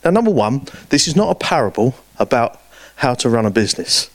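A man preaching a sermon, telling stories with lively swings between loud and hushed delivery. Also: medium pitch, brisk.

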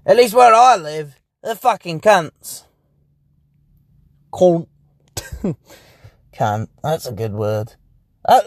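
A man's voice: fairly high pitch, a little mellow, no echo. Profane rambling young man in a car. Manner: profane, rambling, laughs often. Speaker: podcast host. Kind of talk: casual rambling monologue. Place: inside a parked car.

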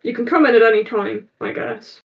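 A woman's voice: on the high side, brisk, gravelly, narrow, tinny audio. A woman voicing an offhand, casual child in a tabletop game.

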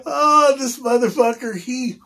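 A man's voice: very high-pitched, measured pace, sharp tone. A man casually telling a long story, swearing constantly, laughing often and restarting his sentences. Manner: profane, laughing, rambling with many restarts.

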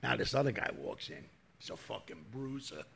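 A man with a New York accent, co-hosting a podcast and telling crude bar jokes in a casual, swearing way, his voice gravelly and husky. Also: fairly low pitch, sing-song, normal speed. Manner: crude, drops to a mutter mid-story then laughs loudly at punchlines.

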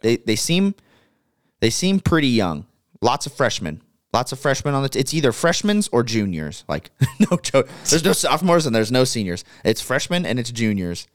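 A young man co-hosting a sports podcast, casual and animated, often repeating his words as he talks. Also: mid-range voice, moderate pace, dry recording, studio quality. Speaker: podcast co-host.

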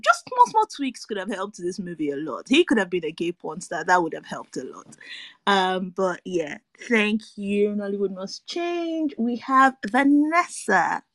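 A woman's voice: medium pitch, fairly bright tone, no room sound. A woman hosting a casual film-review panel, laughing often and teasing her guests. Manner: laughs a lot, teasing and quick. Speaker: podcast host.

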